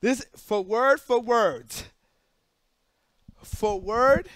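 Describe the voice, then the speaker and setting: A man streaming live, telling a story in an animated way, emphatic and profane and repeating himself for emphasis. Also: high-pitched, measured pace, long pauses, soft background music.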